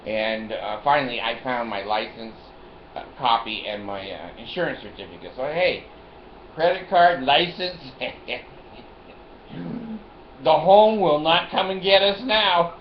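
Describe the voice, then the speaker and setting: An older man rambles through a personal story on his vlog, chuckling a lot and repeating himself. His voice sits at a medium pitch and moves at a measured pace. The recording is roomy, dull and lo-fi, with a faint hiss.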